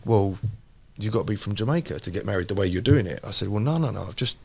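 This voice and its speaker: A man, a podcast host telling a lively personal story in casual chat. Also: lowish voice, fast, vocal fry, breathy edge. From London. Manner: animated anecdote teller, repeats phrases for emphasis.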